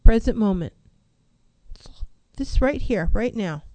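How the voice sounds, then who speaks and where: Mellow-voiced woman counselor, emphatic. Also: medium pitch, lively intonation, slow pace, rough recording. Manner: emphatic, repeats key phrases, asks rhetorical questions. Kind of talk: motivational talk on mental health.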